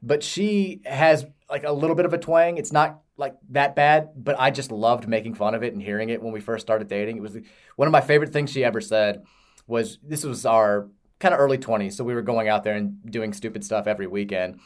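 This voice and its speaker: A man's voice: medium pitch, a little fast. A man in his thirties from Kentucky, co-hosting a casual chat and telling rambling, self-amused stories. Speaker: podcast co-host.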